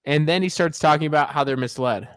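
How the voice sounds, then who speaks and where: A man's voice: on the high side, fast talker, fairly bright tone, clean tone, no room sound. A man hosting a podcast, bantering casually and retelling a clip with jokes. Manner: laughing, loose, jokey retelling. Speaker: podcast host.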